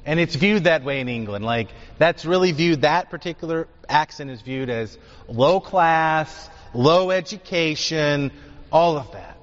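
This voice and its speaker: A man delivers a sermon in an emphatic teaching manner, often turning to his listeners with rhetorical questions. His voice sits a little high. The recording is muffled and carries a long reverb, as if captured in a large hall. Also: lively intonation, a little slow. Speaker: preacher.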